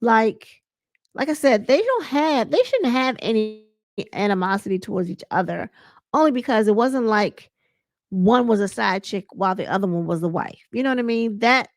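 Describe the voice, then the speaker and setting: A woman casually recapping a reality show, chatty and animated, retelling scenes with laughs and dramatic asides. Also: a little high, normal speed, no room sound, clean studio sound.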